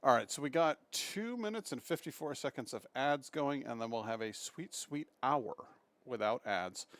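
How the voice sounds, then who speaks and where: A man's voice: mid-range voice, moderate pace, dry recording. A man streaming from home, chatting casually with his viewers. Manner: chatty, swings into excited baby talk with his dog. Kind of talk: casual live-stream chat.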